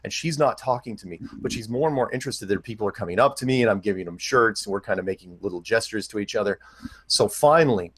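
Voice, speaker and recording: A man's voice: lowish voice, fast talker, fairly bright tone, breathy edge, no room sound. A man telling a rambling, jokey anecdote, acting out the other people's lines. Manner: rambling, jokey, acts out quotes. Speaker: podcast host telling a story. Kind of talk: anecdotal storytelling.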